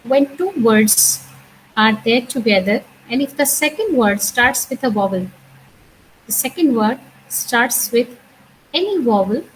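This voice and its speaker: Slow, repetitive woman teaching French. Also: a little high, lively intonation, a little hiss or hum, poor audio. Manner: slow and repetitive, repeats each sound and word for students; explanatory, with frequent "uh" and "okay". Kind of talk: recorded university lecture.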